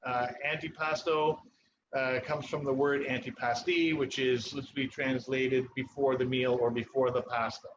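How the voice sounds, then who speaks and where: Male chef, mid-pitched, easygoing teaching tone with many pauses; dull stream audio, audible background noise. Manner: relaxed, instructive, with frequent pauses. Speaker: chef and cooking instructor. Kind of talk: live cooking demonstration. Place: kitchen at a ski club.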